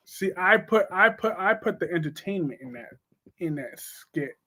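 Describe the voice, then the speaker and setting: A man with a notably high-pitched voice hosts a casual live stream about soap operas, talking from a home setup. He is blunt and chatty and keeps reading out viewer comments between his own opinions. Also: expressive, moderate pace, bright, forceful tone.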